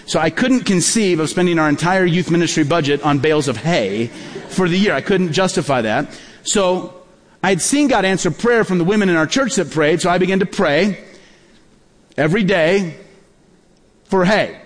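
High-voiced male pastor in a reverberant hall. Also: animated, normal speed. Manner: storytelling, acts out quoted dialogue. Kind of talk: sermon.

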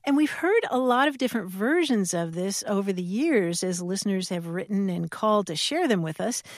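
A woman co-hosting a radio show, explaining word histories in a lively way with frequent laughter. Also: medium pitch, a little fast, dry recording, studio quality. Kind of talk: casual radio chat.

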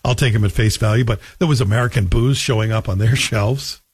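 A man's voice: mid-range voice, steady tone, a little fast, slightly rough, no room sound. Fired-up canadian radio host guy, sarcastic, punchy, dry studio sound. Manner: combative, sarcastic, emphatic. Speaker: radio talk show host. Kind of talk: opinionated talk radio monologue. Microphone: studio microphone.

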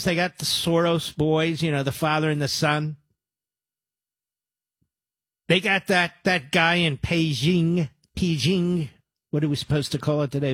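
Talk radio host, male, slightly high and husky, sarcastic and combative, close dry studio mic. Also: fairly bright tone, no echo. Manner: sarcastic, combative, rambling asides to his producer.

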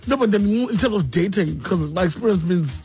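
A man's voice: high-pitched, a little fast, soft background music. A man hosting a breakfast radio show, telling stories animatedly and mixing isiXhosa with English. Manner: animated storytelling, switching between isiXhosa and English. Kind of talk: casual radio banter.

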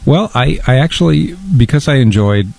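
A man's voice: medium pitch, very animated, a little mellow, dry recording, exaggerated voice. A man playing a stammering, fussy fondue lover. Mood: earnest. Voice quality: gravelly, halting, stammering. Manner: earnest and long-winded, keeps restarting. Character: awkward fussy fondue-loving man, easily hurt. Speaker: guest.

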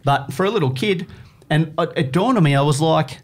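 A man's voice: fairly high pitch, fairly quick, husky. A man, a guest in a casual chat, telling stories with energy and acting out the people he quotes. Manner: animated storyteller, acts out quoted voices.

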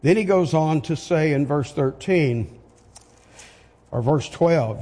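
An older man preaching a sermon, slow and emphatic, firing off rhetorical questions, in a church hall. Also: a little high, big pitch swings, a little mellow, husky. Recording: long hall reverb.

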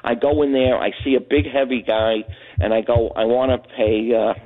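An older man from Brooklyn, calling in to a radio show and telling a rambling, animated story. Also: mid-range voice, moderate pace. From Brooklyn, New York. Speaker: caller. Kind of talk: phone-in storytelling. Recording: tinny phone line.

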